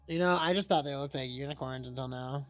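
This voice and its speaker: A man's voice: mid-range voice, quick pace, a bit bright, dry recording, soft background music. A man co-hosting a live stream, chatting casually and joking about his computer. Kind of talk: casual chat.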